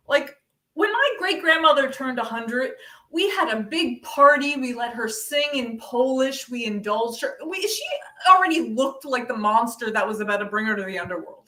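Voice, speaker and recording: A young woman doing a deadpan stand-up set over a video call, with many ums. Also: fairly high pitch, moderate pace. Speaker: stand-up comedian. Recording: echoey room, distant from mic.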